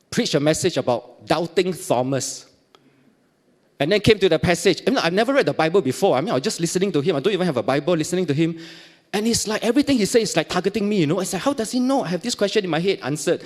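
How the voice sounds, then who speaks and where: Singaporean man telling an animated testimony. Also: a little high. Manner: animated storytelling, acting out dialogue, frequent laughs. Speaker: church speaker giving testimony. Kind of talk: personal testimony in church.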